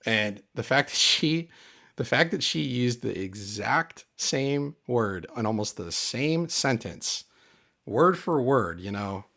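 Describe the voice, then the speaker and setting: A man's voice: medium pitch, animated, takes it slowly, creaky, bright, forceful tone. A man hosting his channel, talking casually and emphatically, aggrieved and repeating his points. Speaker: channel host. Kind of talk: casual commentary.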